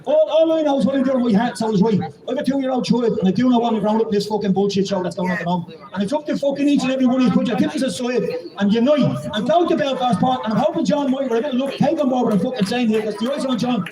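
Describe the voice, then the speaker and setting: A high-pitched Irish man rattles off a rousing, swear-laden speech at rapid speed. His voice comes from some distance away and echoes around an outdoor street, with a loud crowd around him. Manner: profane, rousing, rising to shouts. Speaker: protest speaker. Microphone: public microphone and PA.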